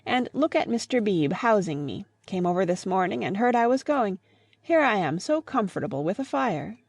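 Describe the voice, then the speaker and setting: Woman as grieving old father, gentle, pleading, audiobook, dry close sound. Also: mid-range voice, big pitch swings, normal speed, slightly rough, no echo. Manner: earnest, pleading. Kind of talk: audiobook reading.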